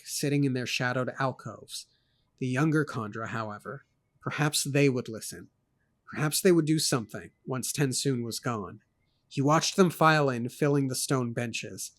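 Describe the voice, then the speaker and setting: A man reading a fantasy novel aloud for a podcast, in steady narration broken by dry, joking asides. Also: mid-range voice.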